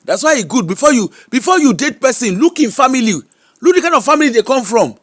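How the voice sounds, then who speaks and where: A woman's voice: high voice, very animated, fast talker. Exclamatory Nigerian woman gossip host. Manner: exclamatory, mixes Pidgin and Yoruba into English. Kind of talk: casual celebrity gossip commentary.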